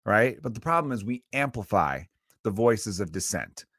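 A man's voice: lowish voice, lively intonation, moderate pace, a bit bright, no echo, clean studio sound. A man in his thirties from Chicago, hosting a solo podcast and ranting in a profane, preachy way. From Chicago area. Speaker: podcast host.

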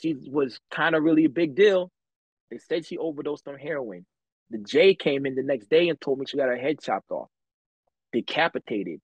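A man's voice: fairly high pitch, expressive, moderate pace, breathy edge, no room sound, low-quality recording. A man on a podcast telling stories from his life in casual, slangy, profane talk, laughing often. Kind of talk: casual chat, storytelling.

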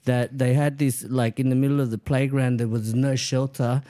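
A man's voice: mid-range voice, level tone, moderate pace, mellow. Swearing storyteller man from El Salvador. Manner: rambling, swears freely, laughs through his stories. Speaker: guest. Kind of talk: casual storytelling chat.

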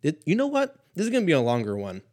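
A man's voice: on the high side, huge pitch swings, quick pace, a little mellow. A man in his thirties, a little stoned, hosting a show in a meandering, profane comedic monologue that drifts from topic to topic. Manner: profane, meandering, laughs at own jokes. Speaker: podcast host.

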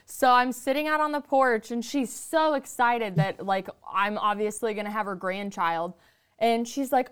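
A woman and mother talking candidly in a casual conversation, telling blunt, profane, animated stories. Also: fairly high pitch, moderate pace, clean tone. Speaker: podcast guest or host, mother.

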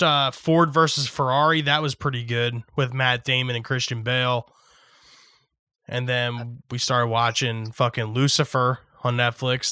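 A young man chatting casually about movies and shows, swearing a lot and shouting when he acts out yelling. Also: medium pitch, clear, resonant tone, no room sound, clean studio sound. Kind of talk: casual chat.

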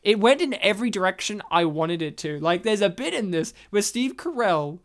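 Jokey guy on a movie podcast, smooth clear voice, laughs a lot. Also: high-pitched, expressive, moderate pace, fairly bright tone. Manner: jokey, spins absurd made-up stories; laughs often while talking. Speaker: podcast co-host reviewing films. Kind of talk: casual chat.

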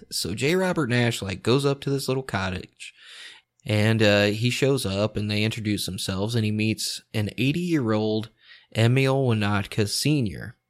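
A laid-back male storyteller with a lowish voice who tells the tale like a chat with friends. He swears freely and chuckles often. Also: unhurried. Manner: relaxed, profane, chuckling often. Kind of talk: casual storytelling.

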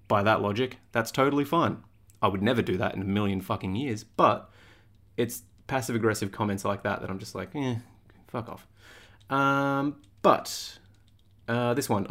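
A man's voice: medium pitch, a bit bright. A young man hosting a podcast as a fitness coach, talking in a blunt, casual way with frequent swearing.

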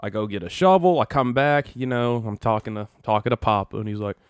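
Fast-talking man spinning stories. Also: fairly low pitch, clean tone, dry recording, studio quality. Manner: animated, swearing, acts out quotes. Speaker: podcast host. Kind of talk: casual storytelling chat.

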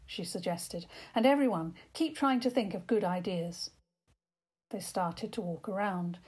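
Woman reading a children's story. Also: mid-range voice. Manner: gentle, expressive read-aloud. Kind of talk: children's bedtime story narration.

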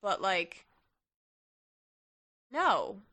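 A woman's voice: mid-range voice, very animated, very slow, pushed and bright. A young woman co-hosting a podcast in casual chat, rambling with lots of fillers and the odd swear. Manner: chatty, lots of fillers and profanity. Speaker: podcast co-host.

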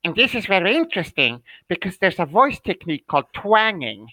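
A man's voice: high-pitched, sing-song, fairly quick, pushed and bright, no echo, voice pushed up, exaggerated voice, poor audio. A man doing a twangy nasal clown voice. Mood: playful demo. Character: loud nasal clown, male adult, playful.

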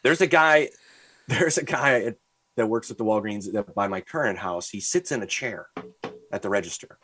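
Profane, animated man telling rants. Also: lowish voice, moderate pace. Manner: rants and mimics people in stories. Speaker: podcast co-host. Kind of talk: casual chat.

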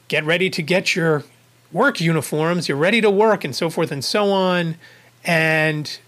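A man's voice: on the high side, fairly bright tone. A man hosting a podcast, telling a rambling first-person story in a casual way, with a chuckle here and there. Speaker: podcast host.

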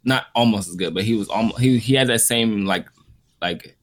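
A man with a lowish voice talks at a moderate pace in a casual podcast chat, reviewing an anime series. He's relaxed and rambles loosely, packing his speech with fillers like "like."

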